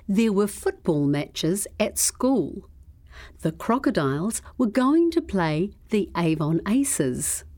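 Slow, expressive New woman storyteller. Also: medium pitch. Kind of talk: children's story read-aloud.

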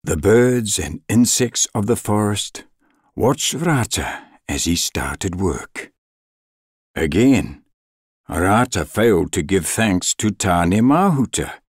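A man reading a legend aloud as storybook narration, slow and expressive with dramatic pauses. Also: lowish voice, no echo, clean studio sound.

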